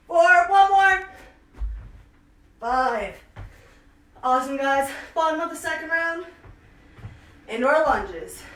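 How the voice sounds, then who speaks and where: A woman's voice: very high-pitched, a bit bright. A young woman leading an online home workout, upbeat as she counts reps and cues each move, out of breath from exercising. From Canada. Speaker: fitness instructor. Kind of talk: live online workout class. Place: small room at home. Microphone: camera at a distance. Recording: echoey room, voice far from mic.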